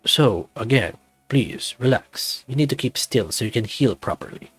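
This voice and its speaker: A man voicing a large, caring brown male werewolf who speaks softly and formally. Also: medium pitch, lively intonation, normal speed, slightly rough, no echo. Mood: reassuring. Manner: soft, reassuring, formal.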